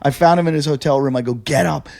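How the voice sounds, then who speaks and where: A male comedian co-hosting a podcast, telling stories in casual chat, animated and quick to laugh, with frequent swearing. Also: on the high side, vocal fry.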